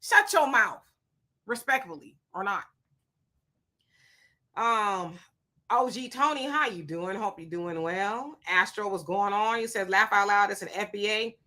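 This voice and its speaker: A woman's voice: mid-range voice, moderate pace, bright, forceful tone. A woman co-hosting a live stream, reading viewer comments aloud and greeting people by name in a blunt, casual way. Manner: blunt, talks back to commenters.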